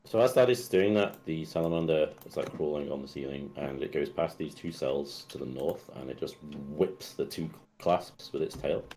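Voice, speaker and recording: Game master, very deep male voice, loose rambling narration, brief. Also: moderate pace, few pauses, warm tone, slight background noise. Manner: loose, filler-heavy narration.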